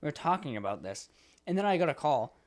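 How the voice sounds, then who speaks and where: A man's voice: fairly high pitch, fast talker. A young man co-hosting a podcast, ranting in casual chat, swearing a lot and acting out exasperated phone calls. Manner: animated, swearing, acts out exasperated phone callers. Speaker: podcast co-host.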